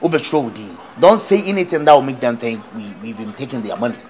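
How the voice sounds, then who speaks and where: An actor with a Ghanaian accent playing an excitable school proprietor who agrees quickly and scolds freely. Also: male voice, mid-range voice, close to an everyday voice.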